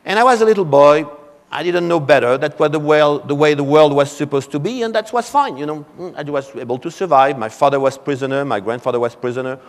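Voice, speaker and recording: Older French-accented male keynote speaker, higher voice, anecdotal and chatty, long hall reverb. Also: fast talker. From France. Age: 70s. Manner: anecdotal, frequent "you know" asides. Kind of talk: conference keynote storytelling. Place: convention hall.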